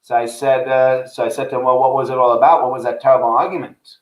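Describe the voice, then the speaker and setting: A man's voice: mid-range voice, steady tone, fast talker. Chatty storytelling man in an echoey room. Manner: chatty storyteller, acts out quoted voices. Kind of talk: casual chat about faith.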